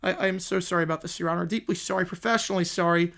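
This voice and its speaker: A man's voice: sits high, fairly even intonation, rapid-fire, gravelly, a bit bright. A man playing a bumbling, endlessly apologetic defense lawyer in a comedy courtroom sketch, stammering and nervous. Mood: flustered.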